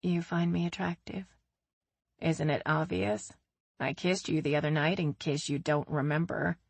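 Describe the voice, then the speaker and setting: A woman's voice: medium pitch, expressive, moderate pace, no echo, pitched above the performer's own voice. A woman reading the lines of a playful, cheerful young professional woman in a romance story. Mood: soft. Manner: cheerful, playful, soft at times.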